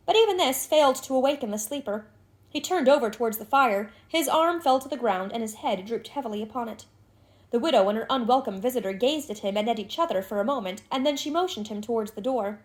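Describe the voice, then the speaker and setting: A woman reads a classic novel aloud in a measured, expressive way. Her voice sits fairly high for a woman. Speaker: audiobook narrator. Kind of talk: scripted narration of a classic novel.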